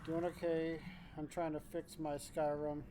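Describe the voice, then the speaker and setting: A man streaming a game, reading chat aloud in a laid-back, drawn-out way, thinking aloud with restarts. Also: a little high, flat delivery, noisy background.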